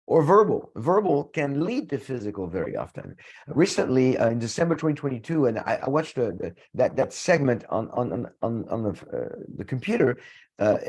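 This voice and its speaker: A man giving an earnest lecture-style presentation with slides, talking in a halting way with frequent restarts and repeated words. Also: on the low side, a little mellow. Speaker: conference speaker presenting slides.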